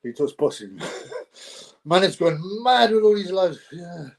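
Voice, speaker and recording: A man's voice: high voice, big pitch swings, measured pace, gravelly. A young man hosting a casual solo livestream, rambling in street slang and laughing often. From United Kingdom. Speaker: livestream host.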